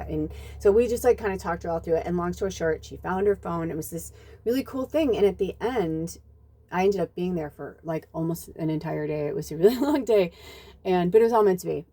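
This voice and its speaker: Brief: a chatty woman psychic medium with a low voice, rambling story, many fillers. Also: a little fast. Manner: animated, rambling, heavy use of "like" and "you know"; acts out quotes with jumps in pitch. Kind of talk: casual spoken storytelling in a reading video.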